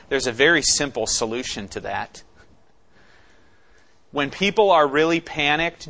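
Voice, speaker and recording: A man's voice: medium pitch, pushed and bright. A man preaching an expository sermon, teaching conversationally and asking questions of the congregation. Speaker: pastor.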